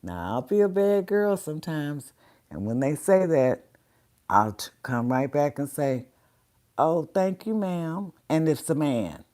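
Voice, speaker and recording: A woman's voice: sits low, sing-song, measured pace, mellow. A woman hosting a casual livestream, chatting with her viewers and greeting them by name, her voice a little congested. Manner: chatty, talks to chat viewers. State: congested sinuses. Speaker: livestream host.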